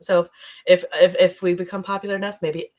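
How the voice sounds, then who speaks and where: A woman's voice: on the low side, level tone, a little fast, darkish tone. A woman co-hosting a podcast in casual, rambling chat, laughing often as she talks. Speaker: podcast co-host. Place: streaming live.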